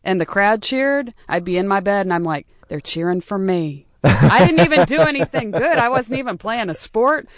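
A woman from Kansas City chats as a host, playful and relaxed. Her voice is mid-pitched. The recording is dry and close. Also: normal speed, hardly any pauses, no room sound. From Kansas City, Missouri. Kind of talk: casual chat.

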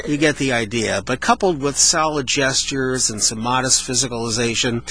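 Male radio host, bright forceful tone, playful and chatty, faint hum behind. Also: medium pitch, normal speed, few pauses, low-quality recording. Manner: playful, demonstrates vocal emphasis. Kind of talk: casual radio talk.

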